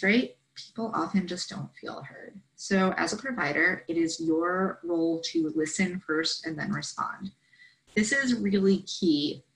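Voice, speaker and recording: A woman's voice: on the low side, fairly bright tone, low-quality recording. A woman presenting a training session, explaining steps in an instructive way and checking in with "right?" often.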